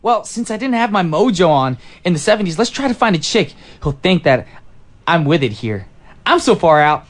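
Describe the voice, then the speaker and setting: A man's voice: high-pitched, sing-song, moderate pace, pitched below the performer's own voice. A man doing a groovy 1977 time traveler. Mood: excited. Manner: hip seventies slang, flirty. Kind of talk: radio comedy skit.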